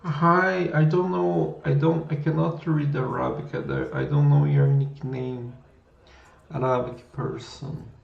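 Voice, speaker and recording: A man hosting a casual livestream, musing slowly and trying out words aloud. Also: fairly high pitch, animated, creaky. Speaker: livestream coding host. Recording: echoey room, dull lo-fi sound.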